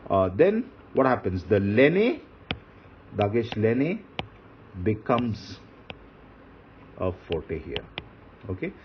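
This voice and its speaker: Man giving a slow careful grammar lecture, repeats stuff, low-ish voice, dull recording. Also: big pitch swings. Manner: patient, repeats points, spells out words. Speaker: teacher. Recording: dull lo-fi recording with faint hiss.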